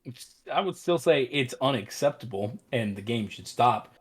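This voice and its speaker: A man's voice: mid-range voice, lively intonation, normal speed. A man chatting casually on a gaming stream, rambling and teasing. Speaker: streamer co-host.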